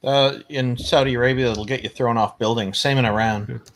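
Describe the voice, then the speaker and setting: A man's voice: medium pitch, steady tone, brisk, a bit bright, a little hiss or hum. A man in a casual group chat, matter-of-fact and helpful. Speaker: chat guest.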